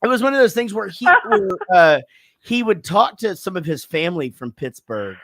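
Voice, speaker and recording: A man's voice: sits high, very animated, normal speed, no echo. A man co-hosting a livestream, talking in loose, profane, laughing banter. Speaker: podcast co-host.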